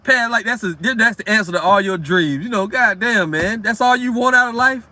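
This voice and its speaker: A man with a high, sharp, bright voice preaches in a loose, unscripted way. he reads scripture slowly, then swings into blunt, profane talk with street slang. the tone stays direct and plain-spoken throughout. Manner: reads verses aloud slowly between rants. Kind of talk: casual scripture teaching.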